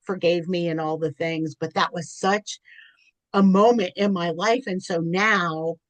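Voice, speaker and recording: A woman's voice: on the low side, fairly even intonation, measured pace, no echo. A middle-aged woman, a podcast guest, telling candid personal stories in an earnest, chatty way, often restarting her sentences.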